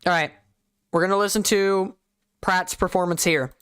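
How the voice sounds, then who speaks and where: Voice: mid-range voice, steady tone, normal speed, a bit bright. A streamer with a light Southern US accent, from the South, giving rambling, self-deprecating live-stream commentary to chat.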